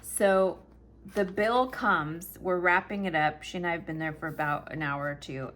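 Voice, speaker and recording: A middle-aged woman telling stories in a casual, chatty planner vlog, animated and talkative. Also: on the low side, moderate pace. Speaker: planner vlogger.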